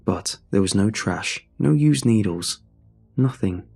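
A man narrating a true horror story in a measured, suspenseful way. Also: fairly low pitch, expressive, gravelly, a little mellow, breathy edge, faint music behind.

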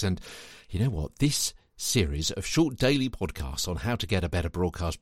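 Lively man hosting a voice podcast. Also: low-pitched, no echo, studio quality. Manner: animated, chatty, speaks straight to the listener. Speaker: podcast host and voice coach. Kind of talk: spoken tutorial podcast.

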